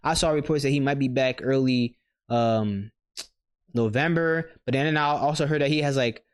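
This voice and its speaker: A man co-hosting a podcast in casual chat, ranting with loose, animated outrage and plenty of swearing. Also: medium pitch, normal speed, clear, resonant tone. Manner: animated, swears freely, rants with mock outrage. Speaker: podcast co-host.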